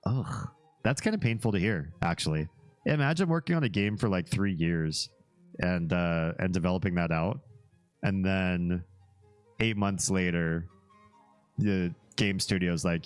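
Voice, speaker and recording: Low-voiced male streamer, loose rambling chat with viewers, faint music underneath. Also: animated, unhurried. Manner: easygoing and rambling, drifting into asides and small laughs. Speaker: livestream host. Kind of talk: casual livestream chat, reacting to a web page and chat.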